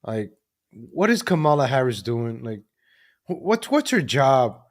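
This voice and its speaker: A man's voice: medium pitch, very animated, a little slow. A man hosting a live political commentary show, mocking what he watches in a sarcastic running commentary. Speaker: host.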